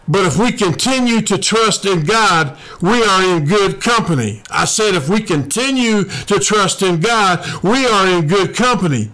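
Guy preaching, high voice, keeps going "come on somebody". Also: animated, unhurried, hardly any pauses, bright, forceful tone. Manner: call-and-response preaching, repeats lines. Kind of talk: sermon.

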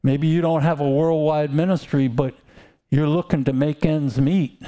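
A man with a slightly high, mellow voice and fairly even intonation preaches a sermon, weaving in stories. He goes slowly and emphatically, calling out to the congregation and asking them to answer back.

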